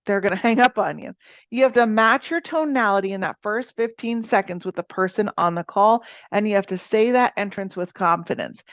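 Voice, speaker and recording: Woman, team leader, energetic sales coaching, mid pitch, dull dry recording. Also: normal speed, no echo. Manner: energetic, repeats "right?" and restarts often. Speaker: insurance agency team leader. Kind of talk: motivational sales coaching talk.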